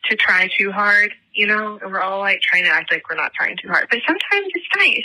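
A woman's voice: medium pitch, expressive, normal speed, pushed and bright, dry recording, poor audio. A woman in her late twenties leaving a rambling, giddy voicemail while a bit drunk, full of fillers. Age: 20s. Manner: giddy, chatty, lots of fillers. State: tipsy. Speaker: voicemail caller.

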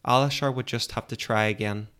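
A man narrating a fantasy story in a calm, measured audiobook style. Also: mid-range voice, smooth.

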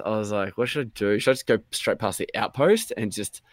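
A man's voice: fairly low pitch, quick pace, no room sound. A man telling a casual, rambling story, full of fillers and swearing, acting out his own lines.

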